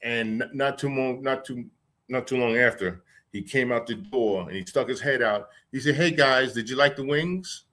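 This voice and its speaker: A man guest in a casual interview, telling stories slowly and haltingly with restarts. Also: mid-range voice, a bit bright. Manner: slow, halting storyteller with restarts. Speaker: guest, former security man.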